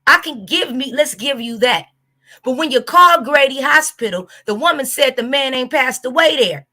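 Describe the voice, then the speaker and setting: A woman's voice: sits high, animated, normal speed, sharp tone. A woman YouTube host with a Southern US accent, ranting bluntly and profanely to her viewers. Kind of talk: casual reaction rant to camera.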